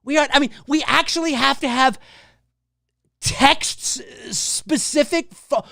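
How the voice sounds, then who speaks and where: A man hosting a live movie talk show, ranting in exasperation, repeating rhetorical questions, swearing and bursting into shouts. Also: very high-pitched, unhurried, vocal fry, no room sound, clean studio sound. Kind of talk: ranting solo commentary.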